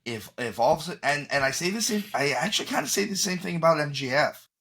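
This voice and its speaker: A man's voice: fairly high pitch, lively intonation, fast talker, pushed and bright. A man co-hosting a podcast in casual chat, opinionated and emphatic, often restarting his sentences. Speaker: podcast co-host.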